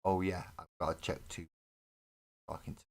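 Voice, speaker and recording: Low-voiced guy streaming his model build, rambly, swears a lot, jokes at his own expense. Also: flat delivery, moderate pace. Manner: rambling, self-mocking, swears freely. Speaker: hobby streamer building a miniature. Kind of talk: casual live-stream chat while building. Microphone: desk webcam setup.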